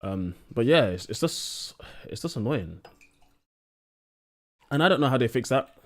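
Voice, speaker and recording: A man's voice: medium pitch, very animated, measured pace. A young man streaming live, talking a little drunk with slightly slurred words and ranting bluntly with plenty of swearing.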